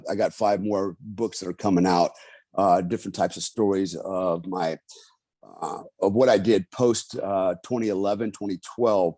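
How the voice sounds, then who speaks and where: Low, mellow-voiced emphatic man. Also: dry recording. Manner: emphatic and ranting, often ending phrases with "man". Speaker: podcast guest, author and Army veteran. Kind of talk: casual conversation and storytelling.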